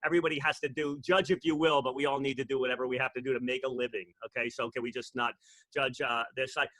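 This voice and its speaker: A comedian opens his set over a video call, stumbling through fillers and restarts in a mock-nervous way. His tone is bright, and the sound is dry and close. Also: medium pitch, flat delivery, dry recording. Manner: halting, filler-heavy mock-nervous delivery. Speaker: stand-up comedian.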